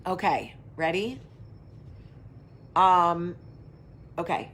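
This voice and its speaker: Extremely slow and expressive, her fairly low voice is a bit bright and slightly rough. She hosts her own informal talk show, chatting to viewers live, meandering through tangents, swearing freely and picking up viewer comments along the way.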